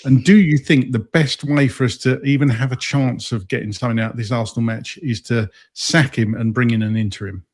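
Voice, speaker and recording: A man's voice: mid-range voice, steady tone, brisk, hardly any pauses, slightly rough. A man hosting a casual football podcast, recapping the match with frequent ums and stumbles. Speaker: podcast host.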